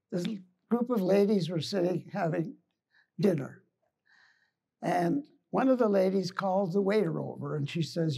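A woman telling a joke in a chatty, conversational way, with a husky voice. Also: medium pitch, warm tone. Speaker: joke teller.

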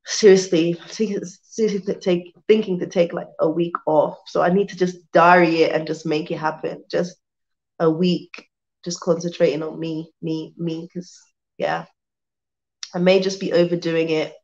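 A woman's voice: fairly low pitch, fairly even intonation, moderate pace, darkish tone. Chatty British woman, lo-fi sound. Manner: chatty and rambling, with many restarts and fillers. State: tired, worn out. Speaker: vlogger on a live stream. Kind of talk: casual live-stream chat answering viewer comments. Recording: dull lo-fi sound.

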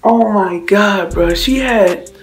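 A man's voice: high voice, slow pace. Slangy young man telling a story. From Slidell, Louisiana. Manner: animated, slangy, acts out hits with sound effects. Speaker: vlogger. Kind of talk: casual storytelling.

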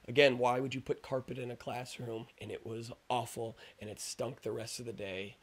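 A man, a teacher, telling a funny story from his classroom in a lively way, dropping low and then getting excited. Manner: lively, swings from hushed to excited. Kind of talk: animated personal storytelling.

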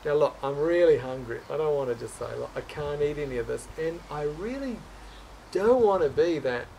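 A man's voice: fairly high pitch, animated, normal speed, vocal fry, mellow, recorded from a distance, a little hiss or hum, poor audio. A man telling a personal story as a guest in a conversation. He speaks earnestly and with open emotion, stumbling, restarting and repeating words as he goes.

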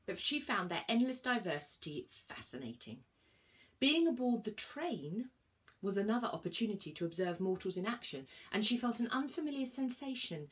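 A woman reading a children's novel aloud, telling the story expressively. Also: medium pitch. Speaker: reader. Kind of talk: children's book read-aloud.

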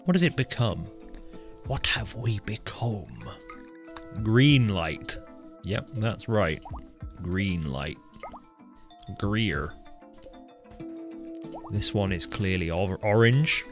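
A man with a fairly low voice chats through a live gameplay stream. He jokes and talks straight to the characters on screen. Faint music plays underneath. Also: expressive, takes it slowly, pauses often. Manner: chatty, joking, talks to his game characters. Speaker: game streamer.

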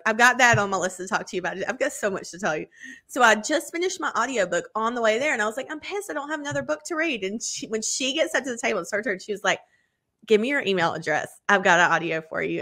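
Bright-voiced woman telling animated stories. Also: quick pace. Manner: animated storytelling, acts out quotes with big pitch jumps; many fillers like "like" and "you know". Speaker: podcast co-host. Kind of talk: casual chat.

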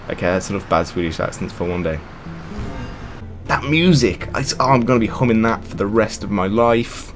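A man's voice: on the low side, normal speed, soft background music. A young man commentating on a game, sarcastic, swearing and ranting in bursts. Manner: sarcastic, ranting, swears a lot, often laughing. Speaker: gamer.

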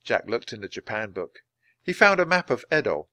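Brief: clear male audiobook reader, animated delivery, dry close recording. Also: medium pitch, moderate pace, dry recording. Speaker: storybook reader. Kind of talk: audiobook narration for language learners.

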